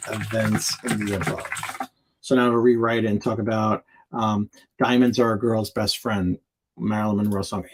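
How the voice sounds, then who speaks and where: A man with a lowish, darkish voice hosts a live show reviewing viewers' product listings. He reads the on-screen text aloud in fragments and gives candid, chatty feedback sprinkled with asides and jokes.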